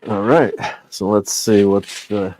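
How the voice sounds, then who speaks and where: A man's voice: fairly low pitch, fairly even intonation, measured pace, darkish tone. A middle-aged man chatting casually about old toys from his collection, rambling with lots of fillers and chuckles, on a portable mic. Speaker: toy collector vlogger. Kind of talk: casual unboxing chat.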